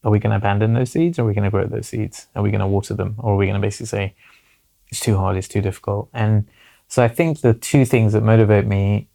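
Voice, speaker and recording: A man's voice: lowish voice, steady tone, quick pace, vocal fry, mellow. A man in his forties, a guest in an interview, talking earnestly and reflectively and often adding "basically" and "you know".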